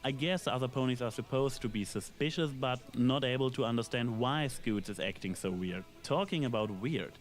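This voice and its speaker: A man reading a scripted episode review in a measured, analytical way, with dry asides. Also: mid-range voice. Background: faint background music.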